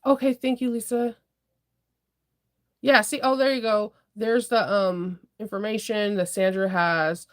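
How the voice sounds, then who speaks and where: Chatty young woman rambling on a sewing livestream, laughs a lot, mid pitch. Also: fairly even intonation, measured pace. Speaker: livestream host, sewing shop owner. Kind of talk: casual livestream chat.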